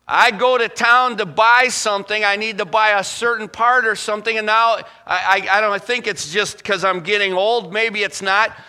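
A middle-aged man preaching a sermon as pastor, telling folksy stories and slowing down to quote scripture. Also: sits high, steady tone, pushed and bright, smooth.

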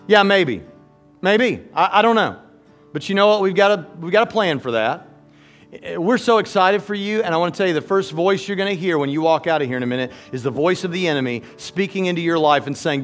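A man preaching an altar call, folksy and joking, with an animated, lively delivery. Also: sits high, a little fast, faint music behind, a faint crowd. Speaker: pastor.

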